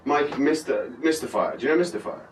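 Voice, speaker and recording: A man's voice: mid-range voice, lively intonation, brisk. A man hosting a podcast chat, rambling and swearing heavily, laughing a lot. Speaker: podcast host. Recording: roomy, distant, with clear background hiss.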